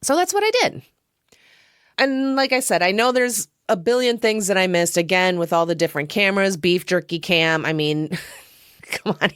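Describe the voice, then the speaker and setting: A woman hosts her own podcast, offering a casual, rambling film review full of chuckles and self-deprecating asides. Her medium-pitched voice is fairly bright, clear, and resonant, captured in studio quality with no echo.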